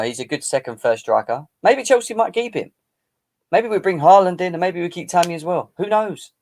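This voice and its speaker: A man's voice: a little high, darkish tone. Boisterous man hosting a fan stream. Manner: boisterous, teasing banter, chanting. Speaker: fan channel live-stream host. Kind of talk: casual live-stream football chat.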